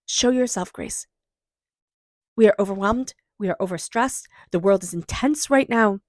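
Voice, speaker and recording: Gentle soft-spoken woman, tarot reader. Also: mid-range voice, moderate pace, no room sound, studio quality. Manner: soft, gentle, drifts into whispers. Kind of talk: intuitive tarot reading with guided meditation.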